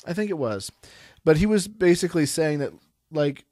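A man's voice: on the high side, expressive, moderate pace, a little mellow, dry recording, clean studio sound. A man hosting a podcast in a loose, rambling way, restarting his sentences as he thinks. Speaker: podcast host. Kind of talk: casual podcast chat.

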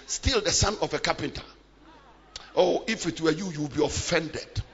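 Preacher man, high bright voice, shouting then going quiet, muffled echoey church recording. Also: big pitch swings, moderate pace, slightly rough. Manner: preaching with dramatic swings between shouting and hushed tones. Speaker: pastor. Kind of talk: sermon. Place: large church hall. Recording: muffled live church recording with long reverb.

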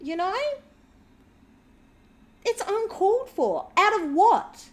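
High-voiced sarcastic woman. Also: lively intonation, takes it slowly, long pauses. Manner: sarcastic, indignant. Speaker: reaction video host. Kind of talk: reaction commentary.

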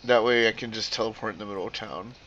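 A man's voice: lowish voice, fast talker, dull audio, noisy background. A man streaming while gaming, rambling in casual chat with lots of fillers and casual swearing.

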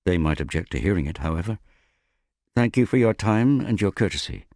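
A man voicing a courteous, earnest young bowman who speaks formally and calmly in an audiobook. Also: sits low, fairly quick, no room sound, studio quality, pitched above the performer's own voice. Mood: polite.

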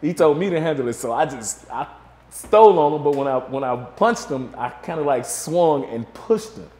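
A man's voice: medium pitch, normal speed, echoey room. A man guest in a casual interview, telling a story and acting out what others said. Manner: animated storyteller, acts out quotes.

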